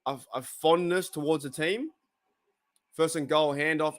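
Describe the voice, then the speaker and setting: An Australian man hosts a fan watch party, talking casually over the live game in a slightly raised voice. He gets excitable, cheering and groaning at each play. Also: on the high side, a little slow.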